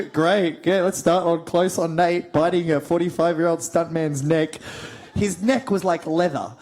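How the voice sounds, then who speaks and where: A man in his thirties, a guest actor on a convention panel, telling animated stories and acting out quotes with a laugh. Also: fairly high pitch, normal speed, few pauses. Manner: animated storyteller, acts out quotes, laughs often. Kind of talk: casual panel Q&A, anecdotes.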